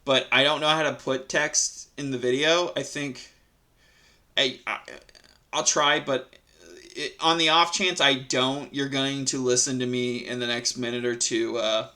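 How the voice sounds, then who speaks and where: A man's voice: mid-range voice, level tone, unhurried, bright, forceful tone. A man reading reddit stories aloud and breaking in with irritated, profane, rambling commentary. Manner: rambling with many fillers. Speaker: reddit story reader. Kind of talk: casual story reading with commentary.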